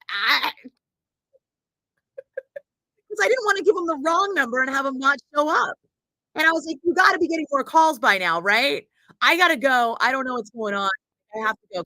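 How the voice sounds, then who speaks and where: Her voice is high, bright and forceful: a radio host in her forties from Northern California, telling a casual story on a livestream. She curses with abandon and acts out each quoted voice in an animated way. The sound is rough and dry, close with no echo or room sound.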